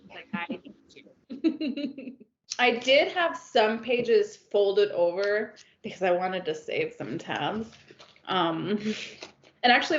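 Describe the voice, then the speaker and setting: A woman's voice: on the high side, slight background noise. A woman chatting casually about books as a podcast co-host, telling stories and laughing often. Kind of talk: casual book chat. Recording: roomy, dull lo-fi sound.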